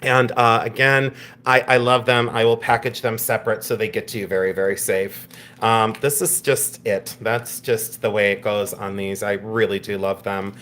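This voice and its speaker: A woman's voice: extremely low pitch, steady tone, moderate pace, a bit bright. A woman hosting a live-streamed jewelry sale, chatty and gushing, laughing often as she shows pieces. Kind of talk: live-stream sales chat.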